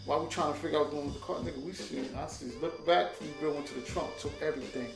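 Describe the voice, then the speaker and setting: A man telling stories in a casual conversation, animated and laughing as he acts out quotes. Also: on the high side, rapid-fire, gravelly. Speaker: guest. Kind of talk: casual storytelling. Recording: echoey room with loud music.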